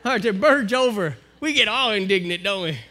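A man with an American accent preaching a sermon to his congregation, building to forceful exhortation. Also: high voice, lively intonation, moderate pace. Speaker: minister. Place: church, live-streamed service.

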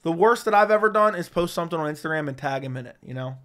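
A man's voice: a little high, expressive, rapid-fire, a bit bright. A man chatting on a livestream in a blunt, outspoken way, his voice strained and worn from too much talking. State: strained, tiring voice. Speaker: MMA commentary streamer. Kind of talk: casual livestream chat.

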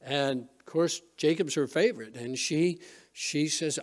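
A man's voice: fairly high pitch, a little slow. A male pastor preaching a sermon in a church, retelling a story conversationally with frequent restarts. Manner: storytelling, retelling scenes with quoted voices. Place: church sanctuary.

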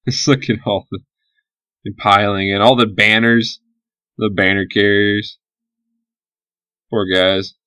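A man's voice: lowish voice, fairly even intonation, slow, long pauses, pushed and bright, clear, resonant tone, no room sound. A man giving live gameplay commentary as a gaming channel host, cheering on his units and swearing casually.

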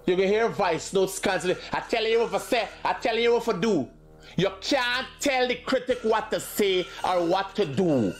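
A man's voice: high-pitched, animated, moderate pace, soft background music. Defensive Guyanese man, insistent. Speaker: critic giving his side. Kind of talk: clip of a heated self-defense statement.

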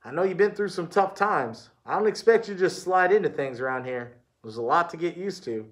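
A man reading as a gentle, calm uncle. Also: fairly high pitch, fairly quick, natural voice. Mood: reassuring.

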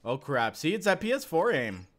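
A young Canadian man streams a survival game live, his fairly high voice moving at a moderate pace. He chats casually and gets excitable, yelping and laughing in panic whenever things go wrong during his gameplay commentary.

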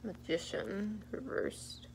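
Young woman, tarot reader, gravelly voice, laid-back, giggly, faint hum behind. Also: mid-range voice, slow pace. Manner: laid-back, giggly, thinks aloud with fillers. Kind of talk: casual pick-a-card tarot reading.

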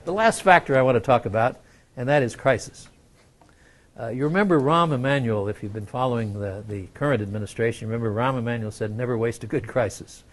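An older man giving a lecture, telling an anecdote in a measured way with frequent pauses and fillers. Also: mid-range voice. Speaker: guest lecturer.

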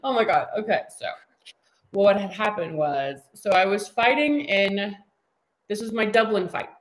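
A woman's voice: mid-range voice, moderate pace, low-quality recording. A woman in her thirties, a guest in a casual interview, telling stories with energy and acting out what people said. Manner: animated storyteller who acts out quoted dialogue.

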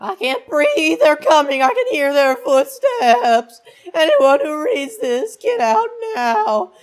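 A man's voice: very high voice, big pitch swings, takes it slowly, voice pushed up, exaggerated voice. A man doing a screaming trapped man. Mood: panicked. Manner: screaming, desperate. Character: panicked trapped man writing a note.

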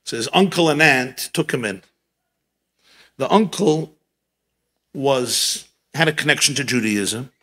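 A man who is a rabbi, telling a story at a gathering in a lively way and repeating key phrases for emphasis. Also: mid-range voice, measured pace, pauses often, husky. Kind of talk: animated storytelling talk at a gathering.

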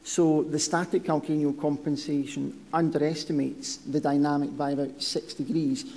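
Measured man lecturing in a hall. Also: fairly high pitch, level tone, warm tone. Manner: measured, explanatory, frequent ums and restarts. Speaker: podiatry researcher giving a lecture. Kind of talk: conference presentation.

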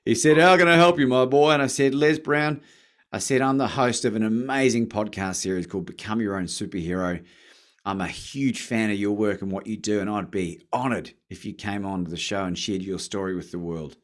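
A man from Australia with an Australian accent, a podcast guest telling his story in casual chat, lively and acting out phone calls. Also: fairly low pitch, fairly quick. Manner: animated, acts out phone calls with rising excitement.

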